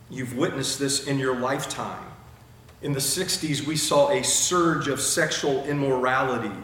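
A man's voice: mid-range voice, a bit bright. A male pastor delivering a sermon with strong, repeated emphasis, his voice ringing through a very echoey sanctuary. A light hum of room sound sits behind him. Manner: emphatic preaching with rhetorical repetition.

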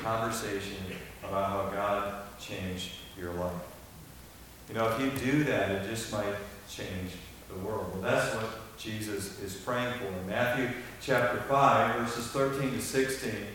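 Older pastor preaching in an echoey hall. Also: male voice, lowish voice. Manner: emphatic preaching that swings from quiet to loud. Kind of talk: sermon. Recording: echoey hall from far off, faint hiss.

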